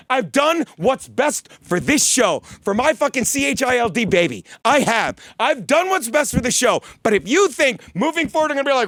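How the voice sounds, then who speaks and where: A man's voice: very high voice, very animated, moderate pace, hardly any pauses, fairly bright tone, no echo, studio quality. A middle-aged man hosting a podcast from his desk, tipsy on whiskey, ranting in a heated, rambling, profane way and spelling words out letter by letter. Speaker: podcast host. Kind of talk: profane comedic rant. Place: studio desk.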